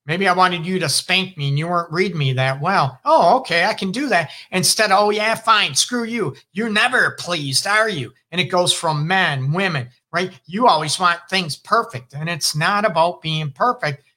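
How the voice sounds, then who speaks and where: A middle-aged male relationship counselor with a Detroit accent, hosting a casual advice talk in an animated, emphatic way with sudden loud exclamations. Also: high-pitched, moderate pace, hardly any pauses. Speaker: relationship counselor and show host.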